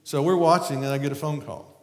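A man with a Southern American accent tells a story on stage, animated and quick to laugh. His voice sits a little high for a man. It rings out through a large hall with long, echoing reverb. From Southern United States. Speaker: speaker on stage. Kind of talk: storytelling talk to an audience.

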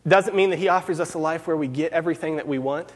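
Male preacher, slightly high, husky voice, earnest sermon delivery in a big echoing hall. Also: quick pace. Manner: earnest, repeats key phrases for emphasis. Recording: long hall reverb.

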